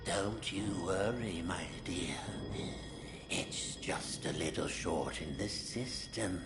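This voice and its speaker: An actor playing a sinister old male janitor in a video game, talking in a whispery, gravelly, oily voice. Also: low-pitched. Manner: slow, oily, menacing reassurance. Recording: roomy game audio with music.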